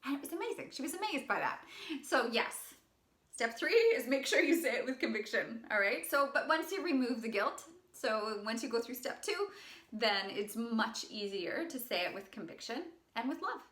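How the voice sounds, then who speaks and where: A woman's voice: a little high, very animated, moderate pace, a bit bright. A woman hosting her own channel, giving upbeat advice straight to camera and laughing often between points. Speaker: channel host and wellness practitioner. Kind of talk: direct-to-camera advice talk. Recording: echoey room.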